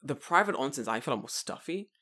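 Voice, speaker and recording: A podcast co-host in casual chat, joking and swearing through animated banter. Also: mid-range voice, quick pace.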